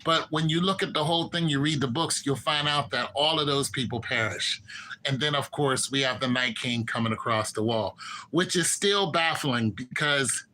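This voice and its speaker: A man's voice: normal speed, slight background noise, poor audio. A man casually recapping and giving his opinion on a TV finale, animatedly acting out characters' lines. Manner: animated, acts out characters' lines with shifts in pitch. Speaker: TV show commentator.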